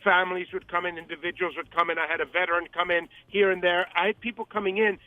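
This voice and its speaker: A man with a high voice talks in a rambling, emphatic way, circling back and repeating himself. He comes through a tinny, dry phone line as a guest on a radio interview. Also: level tone, quick pace, no room sound. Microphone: telephone.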